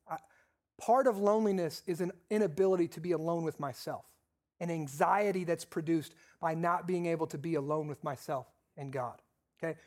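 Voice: mid-range voice, a little mellow. Preacher with repeated, stressed phrases. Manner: talks directly to the congregation, asking questions. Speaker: pastor. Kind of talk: sermon.

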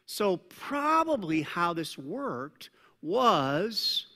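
A male pastor delivers a lively sermon in a high, bright voice that cuts through the room. He tells the story with animation, acting out the scenes. His words ring out with the long reverb of a large church hall. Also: extremely slow.

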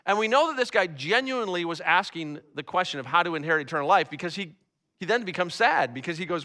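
A man's voice: high voice, animated, fast, pushed and bright. A man preaching a conversational sermon to a congregation in a church, often repeating words as he talks. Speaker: pastor.

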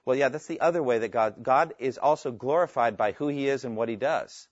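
A man's voice: medium pitch, brisk, dry recording. Man, Bible teacher, earnest and emphatic, mid-range voice, dry lo-fi recording. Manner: earnest and emphatic, reads scripture aloud and explains it. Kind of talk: Bible teaching to a live class, taking questions.

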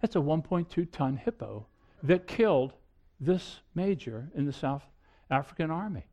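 A middle-aged man preaching a sermon in a high-pitched voice. He talks earnestly, repeats phrases, and moves from loud urging to hushed warning. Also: animated, normal speed, highs cut off. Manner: earnest preaching with repetitions and sudden shifts in loudness. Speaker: pastor.

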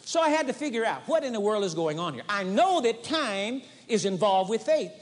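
A man's voice: sits high, big pitch swings, moderate pace. A man preaching a sermon with emphasis, driving points home by repeating short phrases. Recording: long hall reverb, 1980s audio tape.

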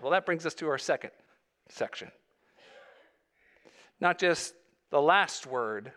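A man's voice: on the high side, a bit bright. A male pastor delivering a sermon, earnest, with rising emphasis on key phrases.

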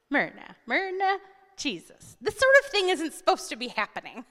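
Bright, high-voiced woman preacher. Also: in a large hall. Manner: animated, dramatic retelling with asides. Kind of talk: storytelling sermon.

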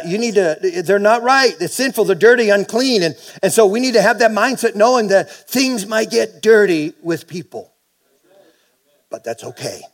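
Man, middle-aged, pastor, sermon, call-and-response, energetic bursts, raised pitch.

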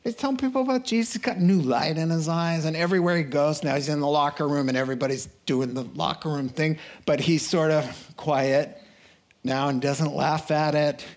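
A man preaching a sermon, animated, acting out crowd voices and rising to excited outbursts. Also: a little high, moderate pace.

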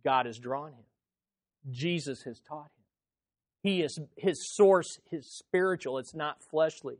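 A pastor preaching with a fairly high voice that rises into emphatic peaks and drops to quiet, low asides. He repeats phrases and restarts lines to drive points home. The sound is dry and close. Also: animated, a little slow, no echo. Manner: preaching with wide swings in loudness and pitch. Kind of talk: sermon.

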